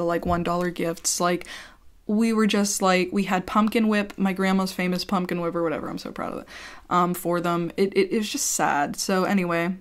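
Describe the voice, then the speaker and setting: A woman telling a personal story to camera in a casual vlog, chatty and blunt, swearing freely and filling with "like". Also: lowish voice.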